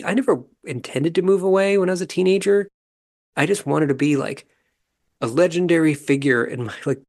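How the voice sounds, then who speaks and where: Male podcast host, calm, analytic show recap, mid-pitched voice with a gravelly fry. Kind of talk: casual commentary recapping a reality show.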